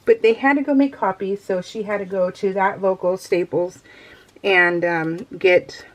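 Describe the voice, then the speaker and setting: A woman's voice: medium pitch, steady tone, a little slow. A middle-aged woman talks casually to her viewers as she works on a craft project. She rambles from thought to thought and often breaks into light laughter. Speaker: crafting vlogger. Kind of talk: casual chat while crafting.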